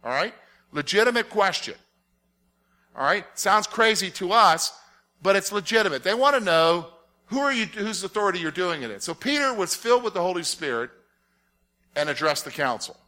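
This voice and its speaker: Bright-voiced man teaching a sermon. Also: high-pitched, lively intonation, moderate pace. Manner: explains step by step, asks the audience rhetorical check-in questions. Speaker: pastor teaching a Bible study. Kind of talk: conversational sermon.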